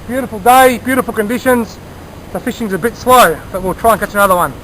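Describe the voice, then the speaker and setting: High-voiced fishing vlogger. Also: male voice, quick pace, fairly bright tone, a little hiss or hum, low-quality recording. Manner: chatty, enthusiastic, explains gear and tips. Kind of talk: casual outdoor narration. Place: outdoors by a small creek.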